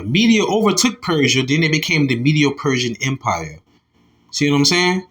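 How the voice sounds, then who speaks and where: A man's voice: a little high, a bit bright. A slightly tipsy man giving a casual, profane scripture lesson and reading articles aloud while talking back to his listeners. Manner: loose, profane, talks back to his audience. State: a little tipsy. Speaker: religious commentator.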